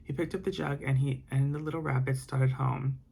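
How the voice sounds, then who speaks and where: A man reading a bedtime story aloud in ASMR style, with soft, rambling asides. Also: medium pitch, fairly even intonation, a little fast, creaky, husky.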